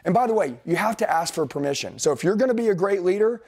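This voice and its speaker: A man's voice: sits high, lively intonation, fast, creaky, a little mellow, husky. A middle-aged man giving a blunt, intense motivational sales training to a group, talking straight at the room.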